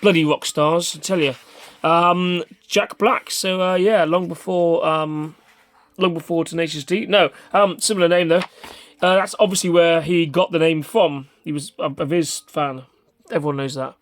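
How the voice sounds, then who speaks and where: Chatty man, slightly high voice. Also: steady tone, normal speed. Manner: chatty, off-hand, lots of ums and mild swearing. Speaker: vlog host. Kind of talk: casual rambling review.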